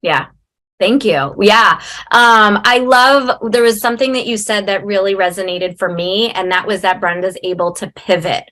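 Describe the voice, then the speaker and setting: Bright-voiced woman moderating a video call. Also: medium pitch, moderate pace. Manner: affirming, laughs easily. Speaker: moderator and coach. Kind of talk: casual chat on a video call.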